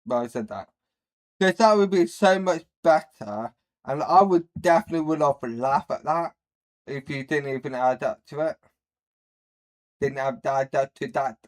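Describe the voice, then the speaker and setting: A man's voice: a little high, normal speed. A man giving casual, crude reaction commentary as a streamer. He rambles and laughs at his own slips.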